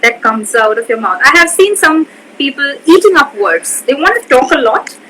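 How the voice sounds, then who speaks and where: A woman's voice: high voice, sing-song, moderate pace, pushed and bright, a little hiss or hum, low-quality recording. A woman interviewing a pageant guest over a live video call. She is effusive and fills the talk with affirming remarks.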